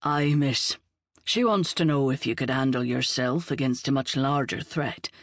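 A woman voicing a shy, gruff male bosun on a pirate ship, talking slowly and deferentially in an audiobook. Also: extremely low pitch, no room sound, clean studio sound. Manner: slow, terse and deferential.

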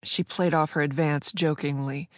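A narrator reading a fiction audiobook at an even, measured pace. The voice sits in a middle pitch, and the recording is dry with no room echo. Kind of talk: scripted narration.

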